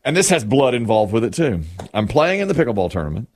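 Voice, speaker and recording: Talking at a quick clip in a medium-pitched voice, this co-host casually recounts a funny story. He acts out the quoted lines with animation and laughs along frequently.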